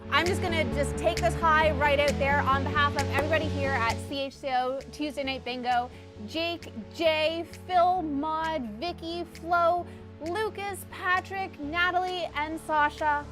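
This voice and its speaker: A woman hosting a live TV bingo show, gushing and excitable as she announces the jackpot. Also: high-pitched, a little slow, faint music behind.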